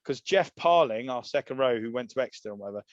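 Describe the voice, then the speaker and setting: A man's voice: mid-range voice, quick pace, dry recording, muffled recording. Rambling English man telling stories. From England. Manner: rambling, laddish, animated storyteller. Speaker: podcast guest, former rugby player. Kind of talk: casual storytelling chat.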